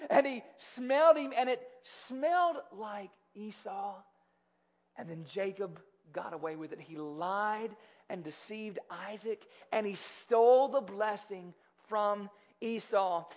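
A male pastor giving a sermon, reading scripture aloud and then explaining it in animated, conversational words. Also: very high voice. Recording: slightly dull lo-fi sound.

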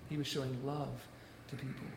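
A man preaching a sermon, stressing key phrases by repeating them slowly. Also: medium pitch, level tone. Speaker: pastor. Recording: echoey room with faint noise.

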